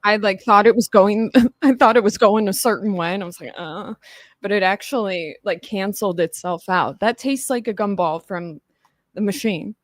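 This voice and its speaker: A woman's voice: medium pitch, moderate pace, no echo. A young adult woman chatting casually on a livestream, rambling, swearing and laughing as she talks. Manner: rambling, profane, laughing often. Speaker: livestream host.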